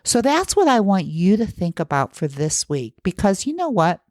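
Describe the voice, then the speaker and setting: A woman's voice: medium pitch, very animated, normal speed, darkish tone, no room sound, studio quality. A middle-aged woman hosting a solo podcast, coaching listeners in an earnest way and asking them rhetorical questions.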